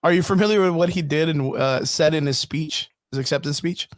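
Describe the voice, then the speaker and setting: A man's voice: on the high side, a little fast, dry recording, studio quality. A man co-hosting a live stream chat in an easygoing, agreeable way. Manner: easygoing, agreeable, laughs often. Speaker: co-host. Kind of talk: casual chat.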